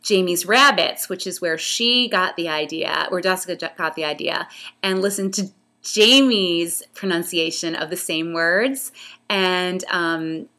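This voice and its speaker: A woman's voice: fairly low pitch, measured pace, sharp tone. A woman with a Western New York accent touched by New Orleans, chatting casually and reading a word list in a rambling way with many ums. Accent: Western New York with some Southern New Orleans influence. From upstate New York. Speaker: vlogger. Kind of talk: casual accent tag video.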